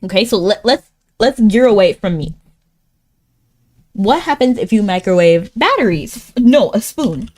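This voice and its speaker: Long pauses and a measured pace mark this woman's casual live stream as she works through a word game aloud. Frequent laughter breaks in, and her voice climbs in pitch when she gets excited.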